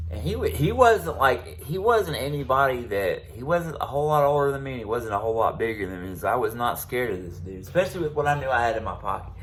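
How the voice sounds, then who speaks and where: A man's voice: medium pitch, lively intonation, brisk, fairly bright tone, a little hiss or hum. A man hosting his own channel, telling a personal story in a rambling, profane way, full of ums and restarts. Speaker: channel host.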